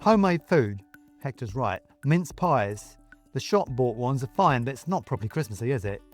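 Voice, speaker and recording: A man's voice: mid-range voice, animated, moderate pace, faint music behind, natural voice. A man voicing a chatty young woman warehouse worker who rambles on. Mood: breezy. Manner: breezy, rambling.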